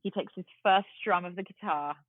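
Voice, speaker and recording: A woman in her forties with an English accent, a guest telling a lively story and acting out the voices of the people in it. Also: lowish voice, a little fast, no room sound. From London. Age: 40s. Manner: lively, acts out quoted voices. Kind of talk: storytelling in a casual chat. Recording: tinny phone-like line, dry.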